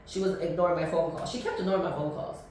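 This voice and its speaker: A woman in her thirties hosting a podcast, telling a personal story in a casual, animated way and acting out both sides of the dialogue. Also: lowish voice, fast talker, heavy reverb, recorded from a distance, a little hiss or hum. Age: 30s. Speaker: podcast host.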